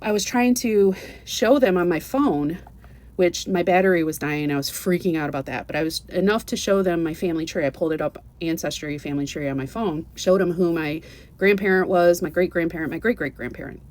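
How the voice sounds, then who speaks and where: Woman, somewhat low voice, earnest casual storytelling, lots of restarts and asides. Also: brisk. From United States. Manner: earnest and animated, with many restarts and "you know"s. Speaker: vlogger telling a travel story.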